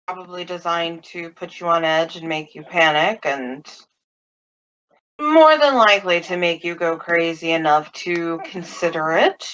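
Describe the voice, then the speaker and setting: A woman game master with a bright, lowish voice, talking at an unhurried pace. She weighs her words and sometimes hesitates mid-thought. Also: highs cut off. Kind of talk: narrating a tabletop game.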